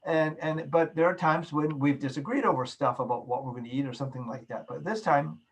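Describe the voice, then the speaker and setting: A man lecturing a class over a video call, his voice a touch husky and sitting a little high for a man. He explains patiently, leaning on everyday examples to make each point land. The sound has the plain quality of a call microphone. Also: brisk, low-quality recording. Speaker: course instructor.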